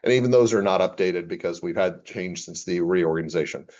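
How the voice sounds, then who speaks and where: A man's voice: low-pitched, brisk, darkish tone, dull audio. A man, an accounting professor, giving a casual classroom lecture and reading chatbot replies aloud with his own comments.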